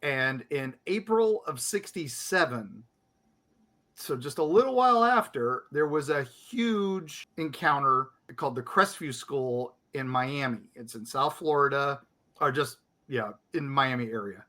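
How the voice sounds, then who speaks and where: A man's voice: medium pitch, expressive, unhurried, pushed and bright. A man co-hosting a podcast, chatting casually and animatedly, acting out other people's reactions as he tells a story.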